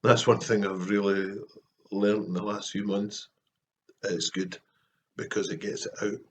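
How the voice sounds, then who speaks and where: Soft-spoken Scottish man, low voice. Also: highs cut off. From Scotland. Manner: soft-spoken and earnest, with frequent pauses and fillers. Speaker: Christian artist vlogger. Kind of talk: casual heartfelt talk to camera.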